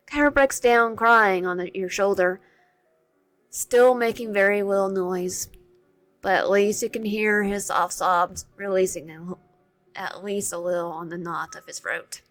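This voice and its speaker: A woman's voice: mid-range voice, steady tone, unhurried, fairly bright tone, no room sound. A woman reading the narration of a visual novel aloud, often tripping and correcting herself. The voice sits in a middle register. The sound is dry and close. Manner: stumbling, self-correcting reading. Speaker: game streamer.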